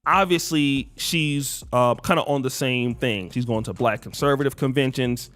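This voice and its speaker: A man calmly laying out background context in a played commentary clip, with many fillers. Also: mid-range voice, normal speed, dry recording. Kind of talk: explanatory commentary.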